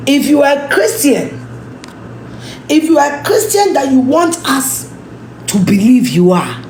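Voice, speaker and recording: In an echoey room with a faint hiss or hum, a Ghanaian woman commentator rants at a slow pace, her high voice lively in intonation yet darkish in tone. She mixes Twi into her Ghanaian English, scolding emphatically and circling back to the same points.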